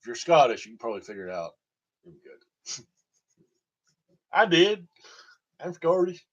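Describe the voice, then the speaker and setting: A man from Tennessee, USA vlogs rambling humorous stories, laughing at his own gags. His voice is a little high with big pitch swings at a moderate pace, and the lo-fi recording comes across dull.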